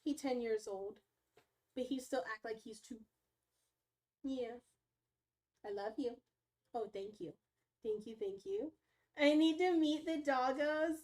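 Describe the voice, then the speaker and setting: A woman's voice: high voice, dark tone. A young woman streaming from home, chatting casually with viewers and talking baby talk to her dogs. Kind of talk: casual live-stream chat.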